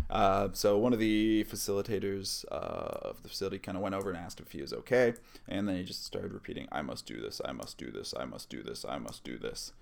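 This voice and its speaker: A man with a very deep voice and a gravelly, frayed edge tells a story from his own life. He talks casually and candidly, with wry asides, frequent swearing and quick chuckles. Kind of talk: casual first-person storytelling.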